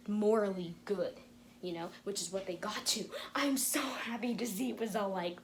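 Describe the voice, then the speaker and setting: A woman's voice: medium pitch, moderate pace, a little hiss or hum. Young woman gushing in a fan reaction vlog. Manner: gushing, breathless, laughing often, drops into whispers. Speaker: reaction video host. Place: home room with tripod camera. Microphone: camera on tripod.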